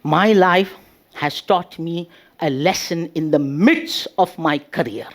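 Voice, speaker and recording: A man giving a humorous motivational speech with drawn-out delivery and pauses before punchlines. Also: a little high, a bit bright. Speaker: speech contest speaker.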